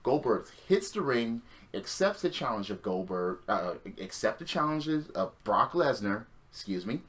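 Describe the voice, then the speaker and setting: Male wrestling reviewer, casual, sarcastic, very animated pitch. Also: unhurried. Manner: sighing, sarcastic, swears freely. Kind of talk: casual recap monologue.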